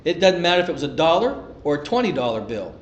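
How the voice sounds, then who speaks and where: A middle-aged man preaching a sermon, telling a personal story in an animated way that often repeats and restarts phrases. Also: a little high, fast talker, roomy sound, dull audio, slight background noise.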